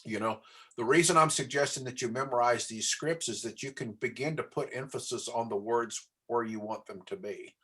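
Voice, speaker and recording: Male trainer, even mid voice, talks a class through phone scripts. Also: mid-range voice, moderate pace, husky. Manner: coaching, asks the class questions. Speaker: real estate trainer.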